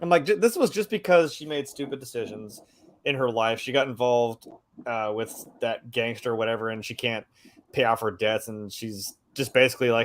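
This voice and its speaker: A man chatting casually on a film discussion podcast, animated and profane, acting out quotes in mocking voices. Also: mid-range voice, moderate pace, slight background noise. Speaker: podcast co-host.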